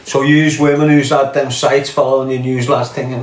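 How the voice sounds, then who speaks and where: A man's voice: mid-range voice, level tone, moderate pace, reverberant, slight background noise. A man with a Scouse accent hosting a podcast, talking in a profane, mocking rant full of scorn. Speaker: podcast host. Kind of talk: casual ranting commentary.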